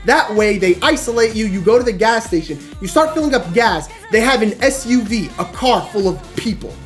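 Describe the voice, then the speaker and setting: Animated young man telling a story. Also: sits high, fairly quick, faint music behind. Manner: animated, conversational, lots of fillers like "literally" and "right?". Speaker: streamer. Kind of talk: casual storytelling on a livestream.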